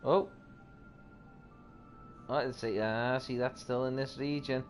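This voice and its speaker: A young man casually commentating while he plays a video game, yelling at the screen and chuckling. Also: medium pitch, slow, soft background music. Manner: animated, yells at the game, chuckles often. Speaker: gaming channel host. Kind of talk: casual let's-play commentary.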